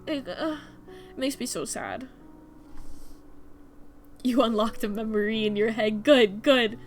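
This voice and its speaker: A young woman draws on stream and chats loosely, her medium-pitched voice fairly bright. She rambles with frequent "like" fillers and restarts, while faint music plays behind her and a little background noise is audible.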